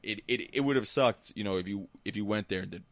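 A man in casual chat, telling animated stories with frequent restarts. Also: on the low side, fast talker, no room sound. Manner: animated storyteller with many restarts.

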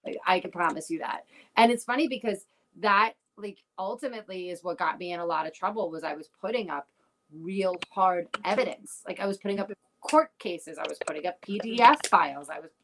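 Woman, casual chat, profane animated storytelling, noisy clicky recording. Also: lowish voice, a little fast. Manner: profane, animated storytelling with quoted back-and-forth.

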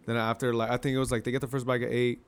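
A young man talks in loose, casual slang, swearing often and putting on quick quoted voices as he retells a story. His pitch sits in the middle and his delivery is relaxed. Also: clear, resonant tone. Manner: loose and profane, acts out scenes in quoted voices. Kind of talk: casual chat.

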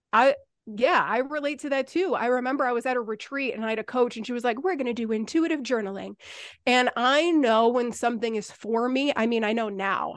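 High, dry-voiced woman podcast host. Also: dry recording. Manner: candid storytelling, swears freely. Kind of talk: casual podcast conversation.

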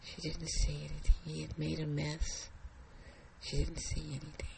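A storyteller spinning a suspense tale at a slow, careful pace and slipping into hushed whispers. The voice is gravelly at a middling pitch, and a faint room hum sits behind it. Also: monotone. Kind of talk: told story.

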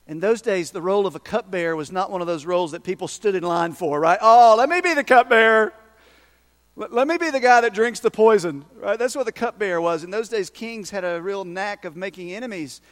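A male pastor preaching a sermon, acting out prayers and asides with passion. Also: high-pitched.

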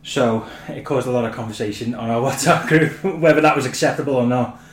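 A man's voice: mid-range voice, brisk. A man hosting a casual podcast chat, playful and full of questions. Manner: playful, asks questions, laughs. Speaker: podcast host. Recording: roomy echo with faint ambience.

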